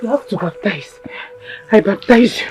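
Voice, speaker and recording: An actress playing Esther, a wronged young wife who swears an oath and later raves in madness, over film music. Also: female voice, mid-range voice, normal speed, close to an everyday voice. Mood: raving. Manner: pleading then raving, agitated. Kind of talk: Nollywood drama acting.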